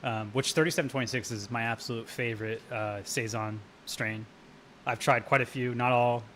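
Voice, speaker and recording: He keeps a steady tone and moderate pace in a mid-range, fairly bright voice, with a little hiss or hum in the background. Hosting a live brewing stream, he chats casually, rambles, laughs through his stories, swears freely and answers chat.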